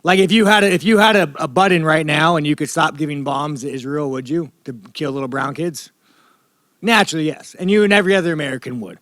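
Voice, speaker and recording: A man's voice: fairly high pitch, quick pace, a bit bright, no room sound, clean studio sound. A man in his thirties, a fighter talking at a media day, rambling, profane and provocative. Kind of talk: media scrum interview.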